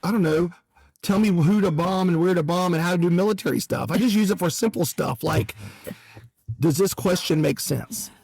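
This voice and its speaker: A man's voice: high-pitched, moderate pace, gravelly, a little mellow, husky, no echo. A middle-aged man co-hosting a podcast who is also a pastor, cracking dry teasing jokes in casual banter.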